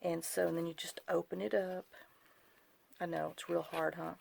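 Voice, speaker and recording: Gravelly-voiced chatty woman. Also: fairly low pitch, little pitch movement, normal speed, darkish tone, slight background noise. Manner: rambling, chatty and apologetic. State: overcaffeinated. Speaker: craft journaling vlogger. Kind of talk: casual crafting tutorial chat. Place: home craft desk.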